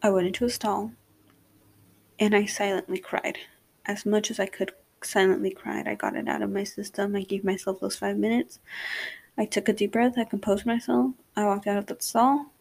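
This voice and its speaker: A woman's voice: medium pitch, level tone, normal speed, gravelly, a little mellow. A young adult woman hosting a solo podcast, talking candidly and rambling with lots of fillers. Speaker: podcast host. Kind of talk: casual solo podcast monologue.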